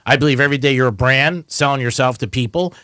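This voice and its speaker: Fast-talking joking male radio host. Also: mid-range voice, bright, forceful tone, dry recording, studio quality. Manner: joking, teasing callers. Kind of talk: casual radio chat. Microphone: studio mic.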